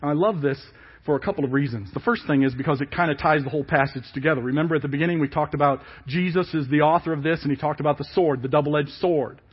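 A man preaching a sermon, emphatic and falling quiet at the ends of phrases. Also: a little high, quick pace, husky. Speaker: pastor. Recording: dull lo-fi church service audio.

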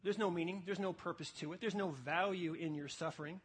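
Passionate husky-voiced male preacher. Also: high-pitched, a little fast. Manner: passionate, emphatic preaching with sudden quiet stretches. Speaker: pastor. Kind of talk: sermon. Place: church service.

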